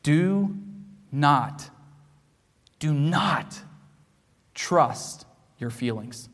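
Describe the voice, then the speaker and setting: A man preaching a sermon as pastor, emphatic and repetitive, swinging from hushed low passages to loud raised ones. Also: drawn-out words, pauses often. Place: church sanctuary. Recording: long hall reverb from a church.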